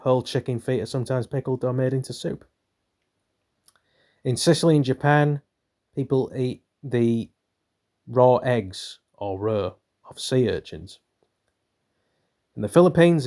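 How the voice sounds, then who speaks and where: In a mellow, medium-pitched voice, a young northern British host reads a book aloud. He often stops to ramble irreverently and swear in offhand commentary.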